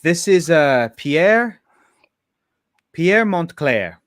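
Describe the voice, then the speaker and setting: A man's voice: fairly high pitch, big pitch swings, extremely slow, no echo. Playful male podcast host, dry sound. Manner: playful, laughs often, rambling restarts. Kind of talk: casual comedic chat.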